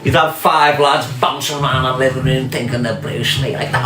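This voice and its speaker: A man's voice: mid-range voice, fairly even intonation, moderate pace, few pauses. A man with a Scouse accent, chatting to viewers on a livestream, swearing a lot and telling loose stories. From England. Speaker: livestream host. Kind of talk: casual livestream chat. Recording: echoey room with music behind.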